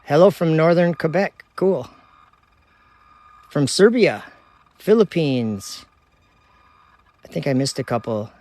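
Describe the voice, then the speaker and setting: A man's voice: a little high, lively intonation, slow pace, pauses often, darkish tone. A man from Minnesota hosting a casual live stream outdoors at night, chatting with viewers, reading their comments aloud and laughing easily, recorded on a phone. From United States (Minnesota). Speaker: livestream host.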